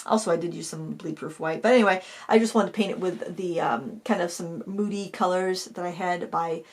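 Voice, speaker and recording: A woman's voice: fairly low pitch, brisk. A middle-aged woman hosting an art channel, chatting casually as she pages through a sketchbook, with fillers and self-corrections.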